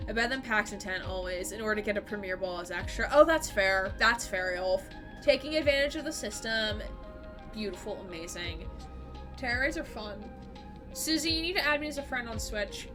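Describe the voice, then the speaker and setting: A woman's voice: medium pitch, animated, moderate pace, over music. A woman live-streaming a game and chatting casually with her viewers. She rambles, fills her sentences with "like" and laughs easily. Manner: chatty and rambling, heavy use of "like".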